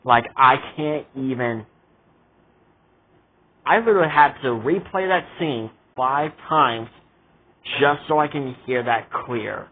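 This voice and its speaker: Speaking slowly with frequent pauses, a man with a husky, medium-pitched voice complains about a show in a casual vlog rant. His tone is exasperated and indignant, full of repeated asides, and the recording is tinny and phone-like.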